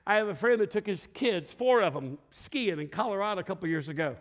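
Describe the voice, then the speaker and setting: A high, fairly fast voice carries this middle-aged man's preaching in a church sanctuary. As lead pastor, he spins animated stories with acted-out voices, raises his voice to a shout, and invites the congregation to respond.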